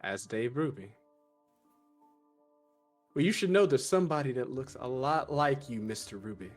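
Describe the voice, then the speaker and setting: A man taking part in a tabletop role-playing game, talking casually and haltingly in and out of character. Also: mid-range voice, animated, soft background music. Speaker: player.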